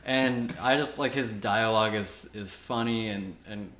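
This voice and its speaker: A young man co-hosting a casual movie review chat, rambling and relaxed, laughing easily. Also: fairly low pitch, a little slow, a little hiss or hum. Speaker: co-host. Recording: echoey room.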